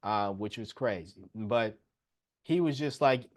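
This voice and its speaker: A young man hosting a podcast, telling a personal story in a casual, animated way and often laughing as he talks. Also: slow. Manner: animated, jumps into higher voice when quoting himself. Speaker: podcast host.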